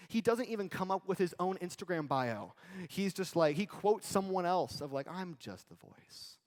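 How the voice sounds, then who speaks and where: A male pastor giving a sermon in a conversational, animated way with casual asides. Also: sits high, normal speed, long reverb tail. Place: church sanctuary.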